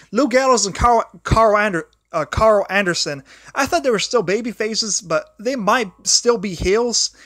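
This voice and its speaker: A young man with a high voice hosts his own livestream. He talks in a loose, rambling way, often trailing off and starting sentences over. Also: a bit bright, no room sound, clean studio sound. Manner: rambling, restarts and repeats words often; grumbles at a failing charger mid-talk. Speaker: livestream host. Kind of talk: rambling solo livestream talk.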